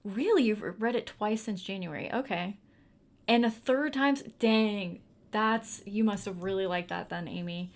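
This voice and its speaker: A woman's voice: mid-range voice, moderate pace. A young woman hosting a livestream in a casual, chatty way, answering viewer comments as she goes. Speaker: livestream host. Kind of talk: casual chat.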